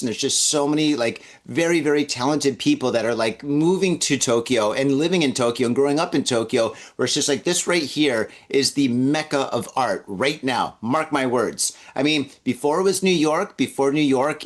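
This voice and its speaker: A man hosting a casual podcast, talking in an enthusiastic, rambling way with lots of fillers. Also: medium pitch. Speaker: podcast host. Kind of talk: casual chat.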